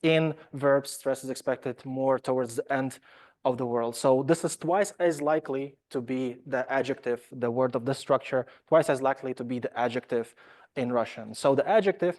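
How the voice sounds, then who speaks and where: A man's voice: medium pitch, a little mellow. A man giving an academic lecture, talking hesitantly with many fillers and restarts, and slipping in wry asides about himself. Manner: wry self-deprecating asides.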